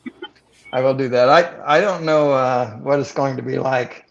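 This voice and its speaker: A man chatting casually as a guest on a live stream, talking in a relaxed way with hesitations and fillers. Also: mid-range voice, moderate pace, creaky, dull audio. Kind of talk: casual chat.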